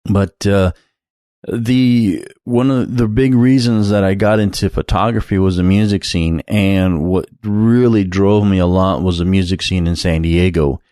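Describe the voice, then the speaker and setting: A man's voice: low-pitched, fairly even intonation, measured pace, mellow, no room sound, studio quality. A man hosting a casual solo podcast, talking bluntly and swearing freely, rambling with many fillers and restarts. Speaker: podcast host.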